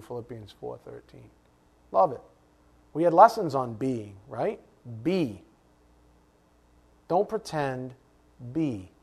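A middle-aged male pastor with a slightly high voice delivers a sermon. He keeps it lively with rhetorical questions, then falls suddenly to a hush.

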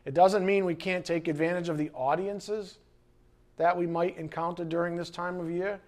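His voice high for a man, a middle-aged pastor preaches animatedly at a normal pace, voicing the people he quotes and sometimes shouting.

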